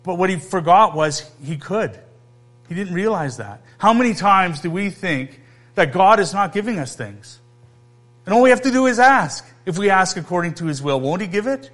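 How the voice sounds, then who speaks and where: A male pastor preaching a conversational sermon, emphatic, pausing and posing questions to his listeners. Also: high-pitched, big pitch swings, fairly bright tone.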